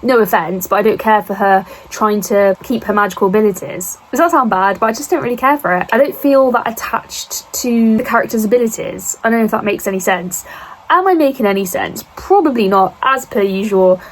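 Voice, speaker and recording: A young woman chatting casually on a book vlog, a bit husky from a cold, rambling and self-deprecating with asides to the viewer. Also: medium pitch, lively intonation, brisk, a little hiss or hum. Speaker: book vlogger.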